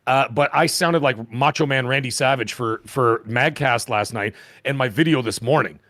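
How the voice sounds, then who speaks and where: A man in his fifties, hoarse from a lost voice, telling a rambling, animated story as a podcast co-host. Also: medium pitch, moderate pace, no room sound, clean studio sound. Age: 50s. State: hoarse, recovering voice. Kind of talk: casual chat.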